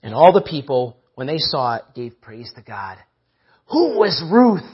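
A man's voice: mid-range voice, sing-song, unhurried, breathy edge, highs cut off. A man preaching a sermon, emphatic, repeating phrases and calling out to the church.

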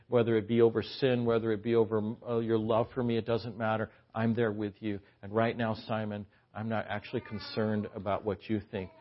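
A man preaching a sermon, shifting from quiet storytelling to loud, impassioned exhortation. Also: fairly low pitch, flat delivery, brisk, few pauses, lo-fi sound.

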